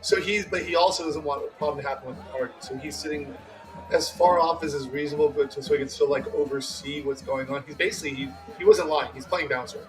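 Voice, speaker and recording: A man at a tabletop game who eagerly lays out his character's actions and motives. His voice is fairly high for a man, with faint music behind it. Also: poor audio. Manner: quick, eager explaining. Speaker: player.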